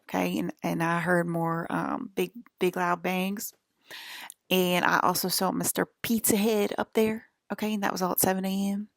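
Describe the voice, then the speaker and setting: Gravelly low-voiced woman ranting. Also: no echo, clean studio sound. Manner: emphatic, profane, keeps asking "okay?". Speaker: vlogger. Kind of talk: rambling casual monologue.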